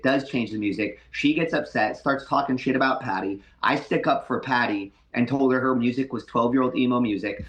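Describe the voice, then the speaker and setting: A man's voice: medium pitch, fairly bright tone, echoey room, muffled recording. A man, a boxing coach, defensively retelling events as a podcast guest in an emphatic way.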